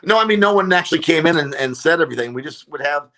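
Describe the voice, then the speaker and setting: A man with a slightly high, bright voice chats casually as a podcast guest. He tells stories in an animated way, stumbling over restarts and fillers as he goes. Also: racing. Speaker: comedian and radio show regular, guest. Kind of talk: casual interview chat.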